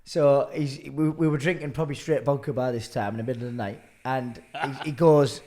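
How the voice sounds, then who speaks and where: A man's voice: medium pitch, steady tone, a little fast, mellow. A man hosting a casual podcast, telling stories with swearing and laughter. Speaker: podcast host. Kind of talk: casual chat.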